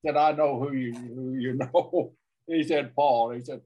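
Mid-pitched man with a folksy anecdote. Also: fairly even intonation, measured pace, mellow, breathy edge, highs cut off. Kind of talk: casual storytelling chat.

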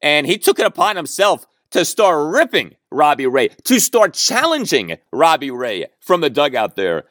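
A man hosting a sports podcast, telling a story in an animated, amused way. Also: fairly high pitch, moderate pace, hardly any pauses, no room sound, clean studio sound. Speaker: podcast host. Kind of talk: casual sports chat.

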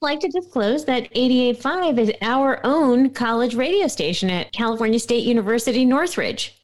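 A woman's voice: on the high side, lively intonation, normal speed. A woman co-hosting a music podcast, upbeat and joking in casual chat. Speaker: podcast co-host.

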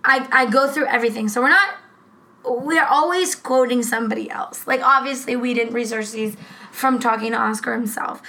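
A woman co-hosting a casual true-crime podcast, talking in a rambling, profane, animated way. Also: on the high side, normal speed, gravelly, rough recording. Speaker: podcast co-host.

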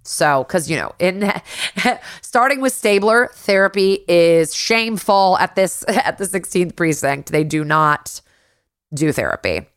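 A woman's voice: lowish voice, expressive, a little slow, no room sound, studio quality. A woman co-hosting a podcast, recapping a TV episode in a chatty, casual way, swearing freely and laughing easily. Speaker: podcast co-host.

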